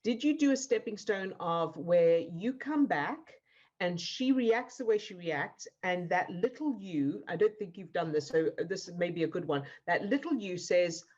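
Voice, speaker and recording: A woman coach speaks in a lowish voice, calm and encouraging as she guides someone through an exercise one step at a time. Her words reach the listener over a muffled, dull video call line. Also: a little slow. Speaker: emotional fitness coach. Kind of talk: live online coaching session.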